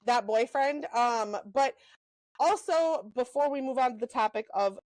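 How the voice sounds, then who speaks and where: A young woman co-hosting a podcast, telling animated stories in a casual chat, full of "um" and "like". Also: a little high, no room sound, rough recording. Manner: animated storyteller, lots of "um" and "like", quick asides. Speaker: podcast co-host.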